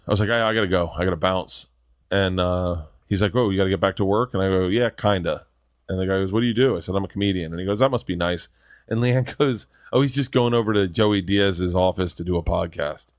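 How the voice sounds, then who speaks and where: A man who is a comedian, telling stories in a rambling, excitable, profane way as a podcast guest. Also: deep voice, fairly quick, dry recording, studio quality. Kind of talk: casual podcast chat, storytelling.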